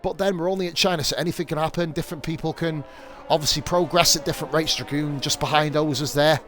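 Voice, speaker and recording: A man's voice: on the high side, fairly even intonation, fast, a bit bright. A young adult man from the UK, commentating a sim racing league on a live stream in a sweary, rambling, jokey way.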